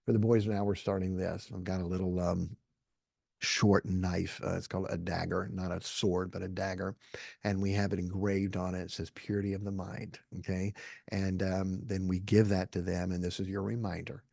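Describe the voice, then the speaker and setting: A man's voice: low voice, level tone, moderate pace, vocal fry, mellow, no room sound, clean studio sound. A middle-aged man giving an earnest, folksy Christian talk to a live audience, often checking in with "okay?". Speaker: Christian speaker.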